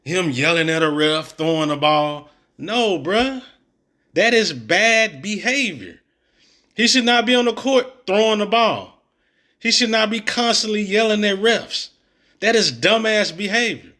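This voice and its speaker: A man's voice: sits high, a little slow, sharp tone. A man reacting to a coach's press conference clips, blunt and exasperated, full of slang and mockery. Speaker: sports commentator reacting to clips. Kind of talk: opinionated reaction commentary.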